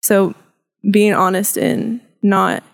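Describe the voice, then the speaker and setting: A woman's voice: mid-range voice, fairly even intonation, takes it slowly, gravelly. A woman mentor speaking earnestly and directly in a casual talk about teaching kids. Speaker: podcast guest and youth mentor. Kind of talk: casual discussion.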